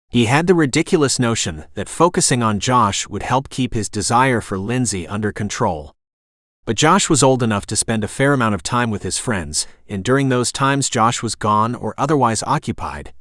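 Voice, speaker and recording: Male audiobook narrator, middle-pitched voice, dry close recording, steady pace. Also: no room sound. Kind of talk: scripted narration.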